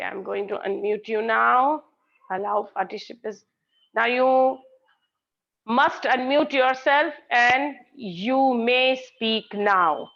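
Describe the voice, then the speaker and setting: Slow woman teaching online. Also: a little high, fairly bright tone. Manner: patient, explains by repeating examples and praising students. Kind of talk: online English grammar class. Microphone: video call. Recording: dull lo-fi call audio.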